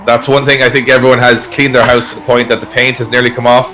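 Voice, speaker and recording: A man's voice: medium pitch, flat delivery, fast, pushed and bright, a little hiss or hum. A man hosting an online event in casual, rambling chat, often trailing off mid-sentence. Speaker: event host.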